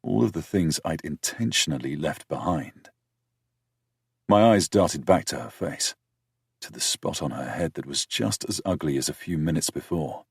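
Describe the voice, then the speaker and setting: A man narrating a first-person romance audiobook in a dry, measured storytelling manner with wry asides. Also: very deep voice, expressive, breathy edge, dry recording.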